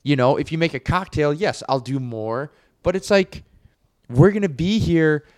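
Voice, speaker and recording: A man's voice: fairly high pitch, lively intonation, normal speed, dry recording, clean studio sound. A man, co-hosting a casual podcast and telling a rambling story with many restarts. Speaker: podcast co-host. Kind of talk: casual chat.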